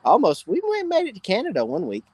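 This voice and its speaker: Chatty fishing host, dry sound. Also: male voice, high-pitched, huge pitch swings, quick pace, a little mellow, slightly rough, dry recording. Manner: chatty, greets viewers by name, drawling. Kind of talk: casual live-stream Q&A. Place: outdoors by a campfire.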